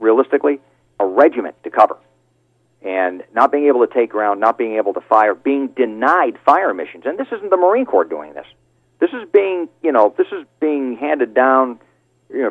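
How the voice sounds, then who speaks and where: A man's voice: on the low side, no echo. A middle-aged man speaking as a guest on a radio show, talking with passion and indignation, with many fillers and restarts. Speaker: call-in guest, father of a fallen Marine. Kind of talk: heated phone interview. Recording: tinny phone line.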